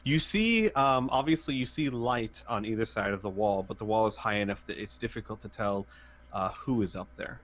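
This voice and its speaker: A man's voice: fairly low pitch, normal speed, a bit bright. A man running a tabletop game as game master, narrating in a hesitant way with many fillers. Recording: dull lo-fi voice chat.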